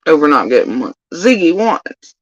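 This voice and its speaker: A woman hosting reaction commentary, talking in a scornful, mocking way with sudden high-pitched jabs. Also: sing-song, normal speed, husky, no room sound, dull audio. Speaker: commentary host.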